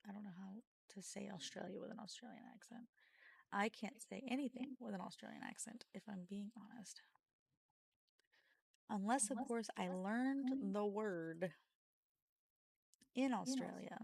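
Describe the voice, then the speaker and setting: A woman's voice: medium pitch, moderate pace, vocal fry, a little mellow, husky, dry recording. A woman live-streaming a game from home, chatting casually, self-mocking and swearing freely.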